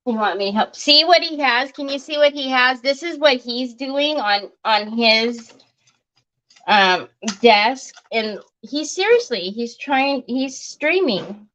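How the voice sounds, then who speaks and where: Woman, higher voice, bright and tense, slow easy talk, chatty crafting host, laughs at herself. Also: lively intonation, rough recording. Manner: chatty and self-mocking, often laughing. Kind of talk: casual chat while crafting on a livestream.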